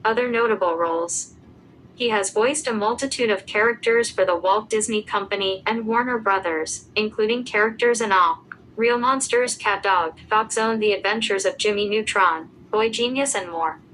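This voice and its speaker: A woman giving a scripted narration, reading out lists of names and dates at an even pace. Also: medium pitch, normal speed, a little hiss or hum, low-quality recording.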